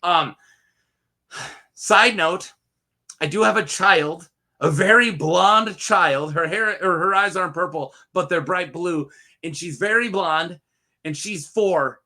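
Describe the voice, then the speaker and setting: A man's voice: sits high, takes it slowly, bright, forceful tone. A young man casually reviewing a TV episode on his own, rambling and jokey, laughing often at his own asides. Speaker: show reviewer. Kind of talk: casual solo review chat.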